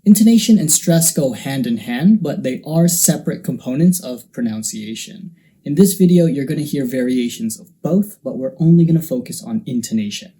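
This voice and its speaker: A man hosting a teaching video, explaining intonation in clear scripted narration and acting out example phrases. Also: mid-range voice, animated, normal speed, warm tone, no room sound. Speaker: English teaching video host.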